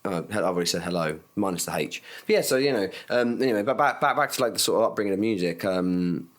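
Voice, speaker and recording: A lower-pitched man chats casually as a podcast co-host. He rambles through animated stories, restarting sentences and swearing freely. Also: fast talker. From England. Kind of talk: casual chat.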